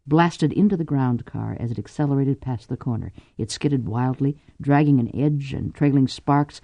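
A man narrating a novel in a measured, dramatic audiobook reading. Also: mid-range voice, mellow, no echo. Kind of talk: scripted narration.

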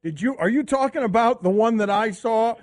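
A man hosting a sports radio show, excitable and mocking, often laughing as he talks. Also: very high voice, brisk.

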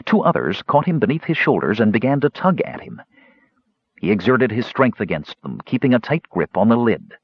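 A man narrating a fantasy audiobook in a dramatic, animated storytelling manner, in a dull lo-fi recording. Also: medium pitch, moderate pace, breathy edge, no echo.

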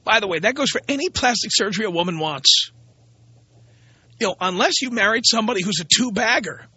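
Male radio host, sarcastic ranter, high and bright, dry close sound. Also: animated, a little fast, slightly rough, no room sound, muffled recording. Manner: blunt, ranting, sarcastic. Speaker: radio talk show host. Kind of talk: opinionated radio monologue.

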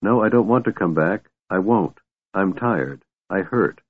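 Guy doing a hurting exhausted warrior dude, desperate, husky, tinny sound. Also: low voice, expressive, a little slow, full character voice. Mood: weary. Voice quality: pained, desperate. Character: big young warrior man, anguished and exhausted. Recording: tinny phone-like dry sound.

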